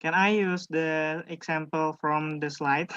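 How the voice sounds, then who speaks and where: A man's voice: a little high, fairly even intonation, unhurried, fairly bright tone, smooth. A man from Indonesia volunteering as a student in an online class, reading a practice sentence carefully and hesitantly. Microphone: video call. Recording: dull lo-fi video call audio.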